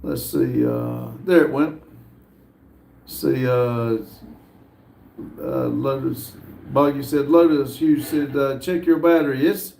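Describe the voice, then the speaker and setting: A man hosting a live stream, casually reading viewer comments aloud with frequent hesitant pauses. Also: medium pitch, lively intonation, vocal fry, a little mellow, reverberant, a little hiss or hum. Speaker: livestream host reading viewer chat.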